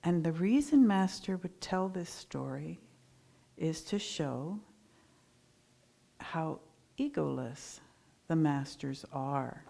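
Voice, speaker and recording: A middle-aged woman giving a Sunday sermon, telling a story in a lively, animated way. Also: deep voice, takes it slowly, creaky. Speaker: minister giving a Sunday talk.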